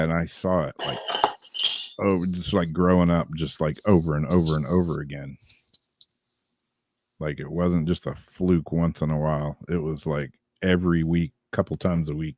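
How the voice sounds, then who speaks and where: A man's voice: very deep voice, fairly even intonation, normal speed, pauses often, darkish tone, dry recording. A man, co-host of a casual chat show, telling rambling stories with many fillers and laughs.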